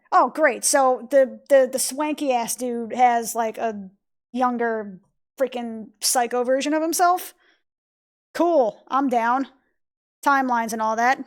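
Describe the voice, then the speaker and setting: A woman's voice: on the high side, slow. A woman casually commenting on a video game in an irreverent, joking, profane way, tired and with a sore throat. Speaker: let's play gamer.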